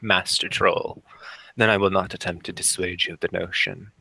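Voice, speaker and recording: A man voicing a sly nobleman who speaks with smooth, predatory politeness. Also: low-pitched, fairly even intonation, moderate pace, pushed and bright, exaggerated voice. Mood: condescending.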